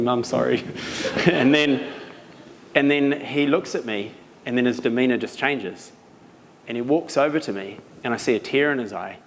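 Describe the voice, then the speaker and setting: A young man from New Zealand with a New Zealand accent, giving an animated storytelling talk at a live event, laughing as he goes. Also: mid-range voice. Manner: animated, laughing as he tells stories. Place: event venue. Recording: reverberant hall, some noise.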